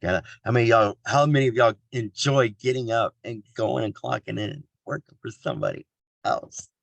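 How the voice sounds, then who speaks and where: A man's voice: medium pitch, big pitch swings, fairly quick, creaky, no echo. A man from Kansas giving a casual motivational talk on a video call, joking at his own expense and laughing often.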